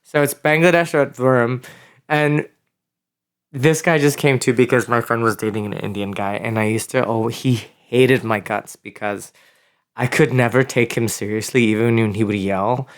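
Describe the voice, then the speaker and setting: Animated man telling stories, casual chat. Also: medium pitch, normal speed. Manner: animated storyteller who drops into impressions. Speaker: podcast guest, actor.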